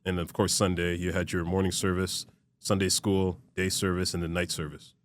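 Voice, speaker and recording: A man in his fifties, a podcast guest talking in a measured, reflective way, his phrases trailing off softly. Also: sits low, flat delivery. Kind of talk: casual conversation.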